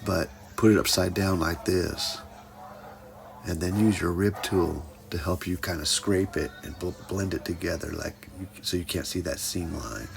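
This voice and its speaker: A man's voice: deep voice, moderate pace, vocal fry, music in the background. A man teaching a pottery class in a casual hands-on demonstration, joking with his viewers as he works. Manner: playful, jokey asides addressed to "folks".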